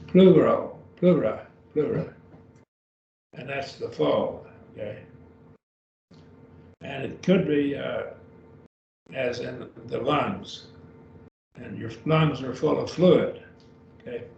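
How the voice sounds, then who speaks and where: A man patiently teaches beginner Greek on a video call, speaking slowly and repeating each word. He has a mid-range, slightly mellow voice with vocal fry, heard through a dull, distant, roomy recording with a faint hiss.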